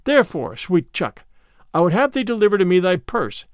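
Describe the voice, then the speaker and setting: Man doing a bold outlaw chief, mock-courtly and archaic, fairly high voice with lively pitch. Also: moderate pace, no room sound, studio quality. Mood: stern.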